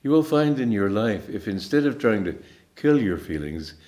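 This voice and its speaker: A man in his eighties giving a spiritual talk as a teacher, telling stories in a calm, unhurried way with pauses. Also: lowish voice. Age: 80s.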